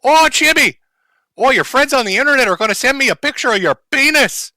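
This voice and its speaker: A man putting on the voice of a doting, clueless middle-aged mother, gushing and shrill in a mocking impression. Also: expressive, a little fast, bright, forceful tone, no room sound, heavily acted. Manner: gushing, shrill, sing-song.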